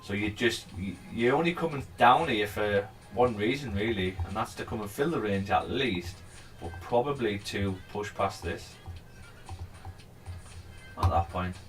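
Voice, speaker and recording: A man's voice: fairly low pitch, lively intonation, a little slow, faint music behind. A man giving casual, rambling commentary on a live trading stream. He chats freely, swears now and then, and urges the price on as he goes. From England.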